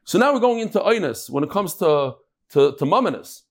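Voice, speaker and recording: A man's voice: high voice, big pitch swings, a little fast. Man teaching a casual Talmud class. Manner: casual, peppered with Hebrew and Yiddish terms; tells jokes and anecdotes.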